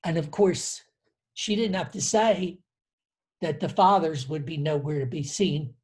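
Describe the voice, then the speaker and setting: Older male host, 70s, slow earnest storyteller. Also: steady tone, darkish tone. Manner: slow, earnest and reflective, dropping low on key phrases. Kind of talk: conversational storytelling.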